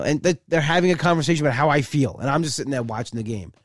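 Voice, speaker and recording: A man's voice: a little high, animated, rapid-fire, no echo. Dry-sounding man telling a chatty story. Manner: chatty, repeats "I said" while acting out both sides. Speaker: comedian. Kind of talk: casual storytelling.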